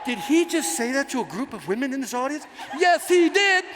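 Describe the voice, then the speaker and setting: A man giving a motivational sales keynote on stage in a large conference hall, telling stories in an animated, self-mocking way. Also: very high-pitched, fairly quick, a crowd in the background, background noise. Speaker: keynote speaker. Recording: reverberant hall with faint ambience.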